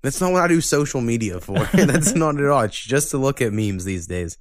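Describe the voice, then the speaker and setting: A man's voice: medium pitch, fairly quick, no echo, clean studio sound. A man hosting a podcast, chatting casually and ranting with lots of swearing. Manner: profane, ranting, animated when annoyed. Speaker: podcast host.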